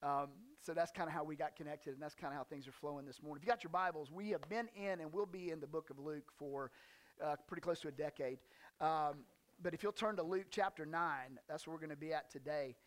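A man with a fairly high voice delivering a relaxed, conversational sermon as a pastor. He talks in a folksy, joking way, tossing in slang asides. When he reads scripture he punches it with animated emphasis. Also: fairly quick.

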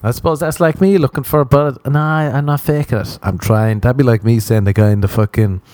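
A man's voice: mid-range voice, fairly even intonation, a little fast, darkish tone, no room sound. A man with an Irish accent telling a rambling, profane comic story in a wry, meandering way.

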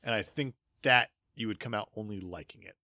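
Opinionated podcast guy, bright punchy voice, dry close sound. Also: lowish voice, a little fast, dry recording. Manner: opinionated, emphatic, laughs often. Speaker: podcast co-host. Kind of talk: casual movie chat.

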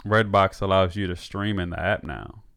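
A man's voice: low-pitched, normal speed, vocal fry, fairly bright tone, dry recording, studio quality. A young man co-hosting a podcast, chatting in an easygoing, hesitant way. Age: young adult. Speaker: podcast co-host. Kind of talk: casual chat.

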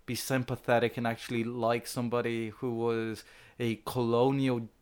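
A man's voice: mid-range voice, little pitch movement, moderate pace, darkish tone, clean tone. A young man co-hosting a film podcast, talking casually with many hesitations. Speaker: podcast co-host.

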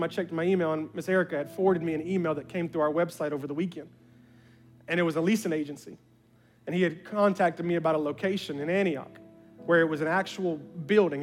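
A male pastor telling a story from the pulpit in an animated way, acting out conversations with bursts of excitement. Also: a little high. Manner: animated, acts out dialogue with rising excitement. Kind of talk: sermon storytelling.

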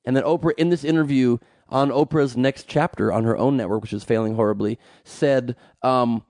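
A man's voice: medium pitch, darkish tone, dry recording, studio quality. Riffing man in casual podcast banter. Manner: riffing, jokey, rapid rants. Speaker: podcast co-host. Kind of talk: casual chat.

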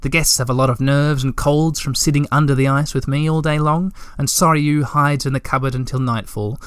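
A man's voice: mid-range voice, steady tone, brisk, clean tone, dry recording, lightly acted. A practical, no-nonsense little female creature from a storybook, speaking bluntly and matter-of-factly, as a male reader voices her in his own tone. The recording is dry and close.

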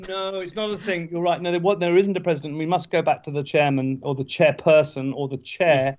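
A man's voice: on the high side, steady tone, fairly quick, a little mellow, highs cut off. A man guest telling a digressive story in a casual podcast conversation, wry and self-aware.

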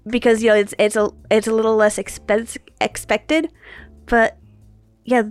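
A woman co-hosting a podcast in casual chat, thinking aloud in a halting way and often rephrasing herself. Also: on the high side, little pitch movement, no room sound, faint music behind. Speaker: podcast co-host.

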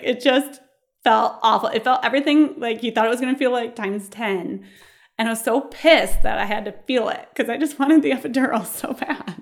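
Woman telling a lively personal story. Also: medium pitch. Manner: animated, laughing, acts out voices of others.

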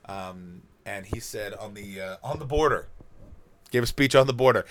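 A man's voice: on the low side, normal speed. A man from Canada doing a rambling, profane comic monologue as a podcast host.

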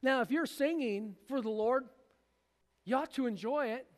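A man delivers a sermon from the pulpit, his voice unusually high for a man. He acts out the people in the story as he preaches. A long church reverb trails behind every phrase. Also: normal speed. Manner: preaching with acted-out voices of biblical figures. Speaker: pastor.

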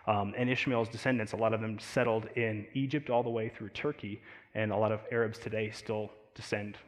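A man with an American accent preaching a sermon, talking in a conversational, animated way with frequent fillers and asides. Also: fairly low pitch, in a large hall. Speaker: pastor.

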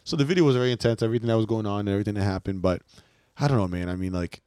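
Man co-host, lowish voice, rapid storytelling, acts out quotes, dry close mic. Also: darkish tone, no echo. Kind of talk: casual storytelling chat.

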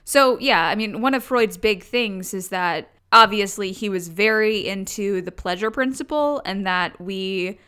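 A woman co-hosting a podcast in casual chat, teasing and laughing with quick asides. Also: medium pitch, bright, forceful tone, clean tone. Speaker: podcast co-host.

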